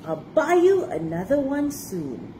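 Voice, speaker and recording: Mum doing greedy lizard daddy from a storybook, high and drawn out, kinda cross. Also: female voice, wildly swooping pitch, a little slow, mellow, a little hiss or hum, full character voice. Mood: apologetic. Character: fussy greedy male monitor lizard father.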